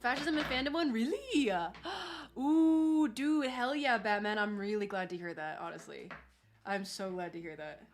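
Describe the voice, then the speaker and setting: A woman hosting a casual livestream from her desk at home, talking in a gushing, excitable, slangy way. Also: a little high, normal speed. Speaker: livestream host.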